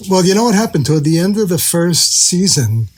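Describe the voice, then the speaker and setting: A man with a slightly higher-than-average voice swaps behind-the-scenes stories in a relaxed podcast conversation. He slips into quoted dialogue as he talks, and his delivery stays easygoing. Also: brisk. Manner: storytelling, acts out quoted lines. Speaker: executive producer and head writer.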